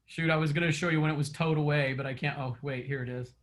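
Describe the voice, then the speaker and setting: A man's voice: fairly high pitch, fairly even intonation, fast talker. A man coaching a group of real estate agents in a casual session, chatty and storytelling, laughing often, recorded in an online meeting.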